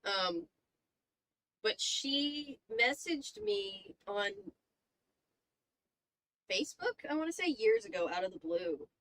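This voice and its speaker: A woman's voice: medium pitch, big pitch swings, slow pace, long pauses, a bit bright, rough recording. A young woman reading a spooky book aloud and chatting casually with viewers. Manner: chatty, reacts to chat, swears casually.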